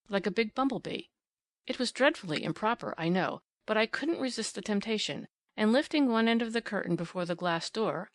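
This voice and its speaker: A woman's voice: medium pitch, no echo. A woman from New Zealand with a New Zealand accent, expressively narrating an audiobook in the first person. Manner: expressive storytelling reading.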